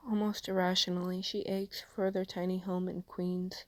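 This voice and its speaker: A woman reading fan fiction aloud as an audiobook, softly, often dropping into a half whisper. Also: medium pitch, level tone, moderate pace, hardly any pauses, no room sound. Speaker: podfic reader. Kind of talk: fanfiction audiobook narration.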